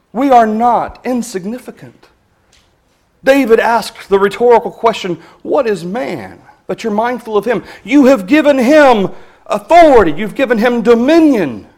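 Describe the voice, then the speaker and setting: A man preaching a sermon in an earnest, measured way, reading scripture passages with emphasis. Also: sits high, a little mellow.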